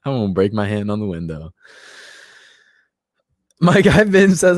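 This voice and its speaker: A man's voice: fairly low pitch, sing-song, unhurried, long pauses, dry recording, studio quality. A man in his twenties hosting a casual livestream, a bit tipsy, bantering loosely and reading out chat comments. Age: 20s. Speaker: livestream host.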